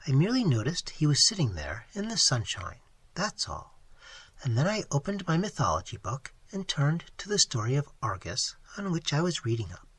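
Brief: reader as a young waitress, candid, husky, lively in pitch. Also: female voice, moderate pace, no room sound, heavily acted. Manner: candid, good-humored storytelling. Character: earnest young waitress telling her tale. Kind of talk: audiobook narration.

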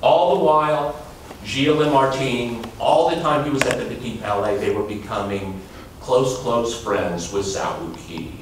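A man's voice: medium pitch, normal speed, background noise. A man introducing the guest speaker at a gallery event in an upbeat, enthusiastic way. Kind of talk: formal introduction. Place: lecture hall. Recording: echoey hall picked up from far off. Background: room ambience.

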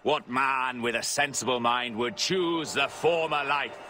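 An actor playing a boastful pirate captain who declaims proudly, in a game cutscene. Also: male voice, medium pitch, measured pace, sharp tone, a little hiss or hum.

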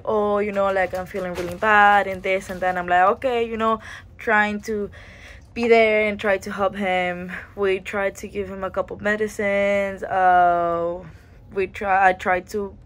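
Young female vlogger, casual storytime delivery, animated, voices the people in her story, mid-range pitch. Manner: animated retelling with quoted dialogue and laughs. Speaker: travel vlogger.

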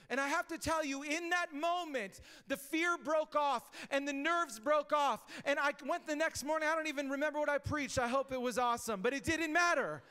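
A man preaching a sermon as pastor, talking casually and rising to shouted emphasis, recorded live in a church. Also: very high voice. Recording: live church hall reverb.

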